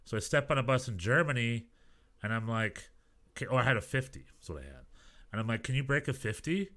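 A man's voice: medium pitch, brisk. A man co-hosting a podcast, chatting casually and telling rambling stories with lots of restarts. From United States. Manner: animated, rambling storyteller with many restarts. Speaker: podcast co-host. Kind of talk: casual chat.

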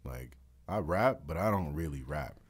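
A man's voice: extremely low pitch, animated, normal speed, husky. A young man, a musician guest, talking in a laid-back, rambling way with casual swearing. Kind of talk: casual chat.

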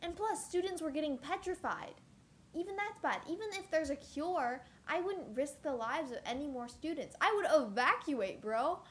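A young woman in a casual chat, animated and playfully indignant. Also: high voice, normal speed, a little hiss or hum.

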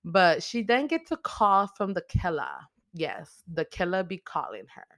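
A woman hosting a show, telling a movie's story in a casual, slangy, profane and animated way. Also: lowish voice, a little slow, no echo, studio quality. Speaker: host.

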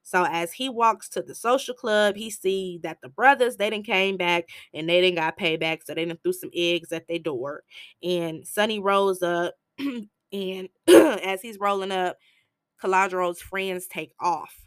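A woman casually recapping a film plot in a slangy, blunt, animated way, acting out the characters' lines as she goes. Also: fairly low pitch, unhurried, clear, resonant tone, no echo, studio quality. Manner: blunt and profane. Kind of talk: casual movie recap storytelling.

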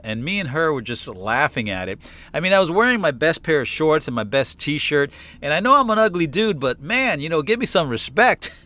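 Lively bright-voiced man, easygoing chat. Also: a little high. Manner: easygoing, self-deprecating storyteller. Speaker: podcast co-host. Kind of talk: casual chat.

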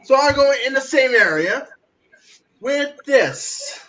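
Man, podcast co-host, excitable, high voice, lively pitch, slow pace. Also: rough recording. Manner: excitable, laughing. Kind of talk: casual chat.

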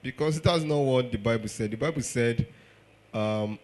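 A Nigerian preacher with a mid-range voice delivers an animated sermon. He keeps firing rhetorical questions and slips into acted-out quotes. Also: medium pitch, normal speed.

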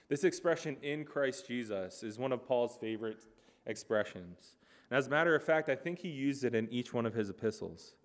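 A man preaching a sermon in an earnest, emphatic way, pressing hard on key words and then dropping to soft, low lines.

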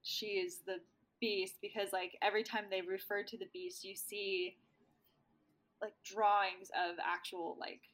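A woman's voice: mid-range voice, level tone, measured pace, a bit bright. A woman co-hosting a casual chat, gushing and rambling, leaning heavily on fillers.

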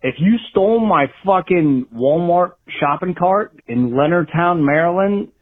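A man rants on a tinny phone voicemail, swearing freely as he vents a grievance. His voice is husky and sits a little high for a man. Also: animated, measured pace. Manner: angry, profane rant. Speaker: voicemail caller. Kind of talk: ranting voicemail.

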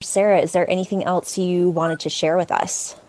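A woman's voice: on the low side, level tone, normal speed, darkish tone. A woman hosting a podcast, effusive and emotional as she thanks a guest. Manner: effusive, emotional, spiritual talk. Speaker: podcast host. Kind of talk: casual chat.

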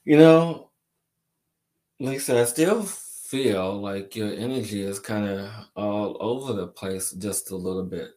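A man hosting a spiritual live show who answers viewers' questions, speaking slowly and deliberately, stacking repeated phrases for emphasis and calling listeners "my dear.". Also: fairly low pitch, warm tone. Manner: affectionate, addresses listeners as my dear and my friend. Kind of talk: live-stream chat reading viewer questions.

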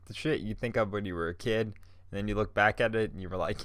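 A man's voice: on the low side, fast talker, a bit bright, clean tone. A man hosting a podcast alone, stoned, rambling in a laid-back, profane way and laughing often. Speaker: podcast host.

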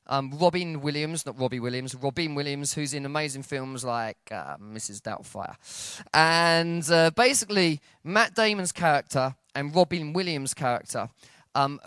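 A man preaching a sermon, telling stories with lively voiced dialogue. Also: clear, resonant tone, no echo, studio quality. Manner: animated storytelling, acting out dialogue with shifts in pitch and loudness.

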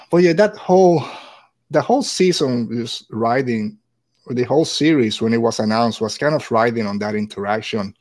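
A man talking in a relaxed podcast chat. His voice sits in an ordinary middle range. He rambles and hedges often. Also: mid-range voice, moderate pace. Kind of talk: casual chat.

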